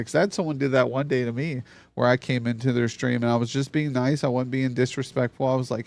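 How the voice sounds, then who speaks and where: A man's voice: mid-range voice, steady tone, fast, a little mellow. A man hosting a live stream, chatting casually and loosely with a guest and his chat and swearing freely. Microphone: streaming mic on a mixer.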